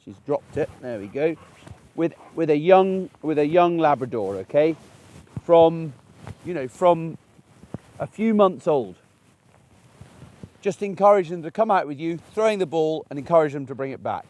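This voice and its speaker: A man's voice: on the high side, expressive, normal speed, long pauses, darkish tone. A man, a dog trainer, chatting and explaining as he demonstrates puppy training outdoors, with frequent restarts. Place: outdoors in a paddock.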